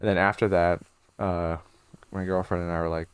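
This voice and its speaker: A man's voice: low-pitched, flat delivery, normal speed, clean tone. A young man co-hosting a podcast, talking in an easygoing, laid-back casual chat. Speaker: podcast co-host.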